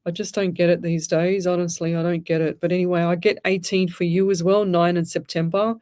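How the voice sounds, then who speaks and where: A woman's voice: lowish voice, little pitch movement, brisk, a little mellow. A woman hosting a live psychic radio show, chatty and emphatic, rambling with restarts, recorded on a studio microphone. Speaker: psychic medium radio host. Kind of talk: live radio call-in readings.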